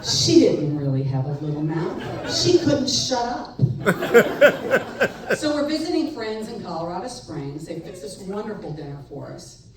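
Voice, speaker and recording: A middle-aged woman telling a personal story live on stage, wry and animated, laughing between lines. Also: on the low side, normal speed, over a noisy crowd. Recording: echoey room, far mic, faint noise.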